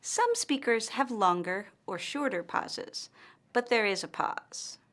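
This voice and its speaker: Deliberate American woman teaching English. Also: a little high, expressive, fairly bright tone. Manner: slow, deliberate, carefully articulated delivery. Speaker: English instructor. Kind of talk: scripted teaching narration.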